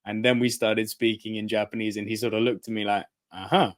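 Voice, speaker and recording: A man's voice: lowish voice, flat delivery, quick pace. A man, co-hosting a casual chat and telling a story with lots of energy, acting out the voices of the people he quotes and laughing often. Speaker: podcast co-host.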